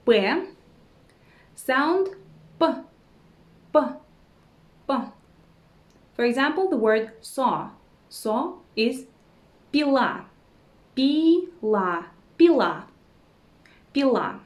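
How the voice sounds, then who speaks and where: A woman teaching a language lesson who says each word slowly and repeats it several times, with short words of encouragement. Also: fairly high pitch, roomy sound. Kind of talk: slow repeat-after-me pronunciation lesson.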